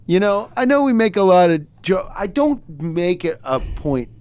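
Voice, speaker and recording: A man hosts a casual comedy podcast, telling stories with real animation. His pitch swings widely, climbing to shouted disbelief and then sinking into grumbling asides. He swears freely and talks quickly when he gets worked up. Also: smooth, no echo. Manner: animated storytelling, swearing, big jumps up to shouted outrage. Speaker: podcast host.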